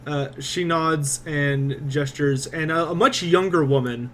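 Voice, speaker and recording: A man narrating a tabletop game as game master, quick and descriptive, with frequent fillers. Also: a little high, a bit bright, a little hiss or hum.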